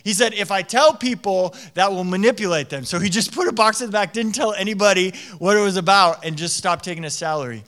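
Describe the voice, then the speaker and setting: A man in his thirties preaching a conversational sermon, telling stories in a lively, casual way with lots of "like" fillers. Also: sits high, fast talker, hardly any pauses. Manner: animated storytelling with frequent "like" fillers.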